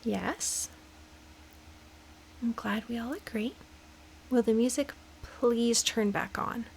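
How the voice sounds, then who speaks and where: A woman's voice: a little high, takes it slowly, creaky, a little hiss or hum, rough recording. Jittery woman narrating a horror game. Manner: chatty, jokey, nervous, drops into whispers. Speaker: gaming video host. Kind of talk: casual horror game commentary.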